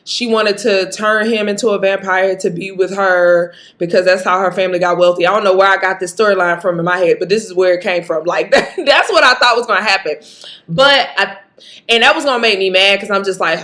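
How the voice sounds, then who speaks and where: A woman with a Mississippi accent talks through a movie review in an animated, chatty way. She leans hard on words for emphasis and laughs easily. Her voice sits in a middle pitch. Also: fairly quick. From Jackson, Mississippi. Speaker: vlogger.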